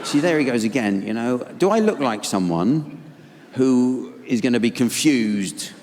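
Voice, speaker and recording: A man with an English accent doing live stand-up comedy in a deadpan, sardonic manner on a stage mic. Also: medium pitch, a little slow. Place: theater stage. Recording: reverberant live venue, audience noise.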